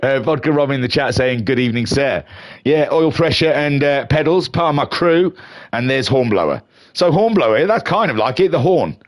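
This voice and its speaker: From a room at home, a man with a slightly high voice gives playful, jokey live commentary on a sim racing league at normal speed. At the start he builds up to excited shouting.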